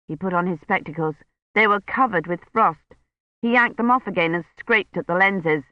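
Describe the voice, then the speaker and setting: A man's voice: high-pitched, no room sound, muffled recording. Man narrating an audiobook, dry sound. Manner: measured storytelling delivery. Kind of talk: scripted narration.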